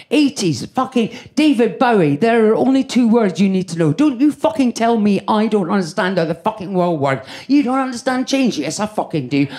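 A woman in her fifties does stand-up in a comedy club, brash and foul-mouthed as she chats with the crowd. Her pitch leaps around with lively swings. Laughter from the audience carries under her. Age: 50s. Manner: brash, sweary and conversational with the crowd.

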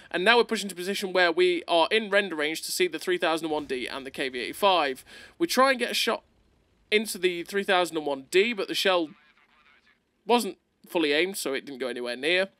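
A man doing excitable, playful gameplay commentary over a video, laughing often, recorded close on a desk mic. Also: high-pitched, no room sound.

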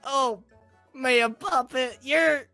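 Slow, bright-voiced teasing woman. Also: high voice, faint music behind. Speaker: fan roleplay voice actor. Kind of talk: casual chat out of character.

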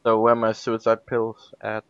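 A man's voice: fairly low pitch, monotone, a little slow, clean tone, no room sound, highs cut off. A young man joking and teasing his friend in a casual chat over a voice call, laughing often. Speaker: co-host chatting on a voice call. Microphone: computer mic on a voice call.

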